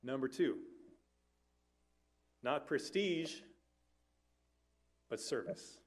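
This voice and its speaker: A man's voice: mid-range voice, lively intonation, very slow. A man, a family life minister, preaching an earnest sermon to a church, with conversational asides and occasional self-corrections.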